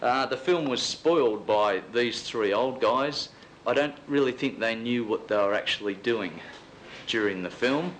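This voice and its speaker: A man's voice: mid-range voice, a bit bright, slight background noise, rough recording. Blunt Australian man reviewing a film. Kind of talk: casual film review chat.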